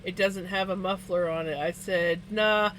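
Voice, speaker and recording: A woman with a lowish, fairly bright voice and fairly even intonation talks at normal speed, chatting casually with viewers as she spins wool on a livestream. She's giggly, often laughing between words; her streaming-setup audio is rough, with a little hiss or hum.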